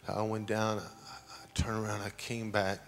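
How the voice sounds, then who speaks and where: A middle-aged man, preaching a sermon as pastor with slow, dramatic storytelling and sudden loud peaks. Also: lowish voice, completely flat delivery. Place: large church sanctuary. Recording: long hall reverb.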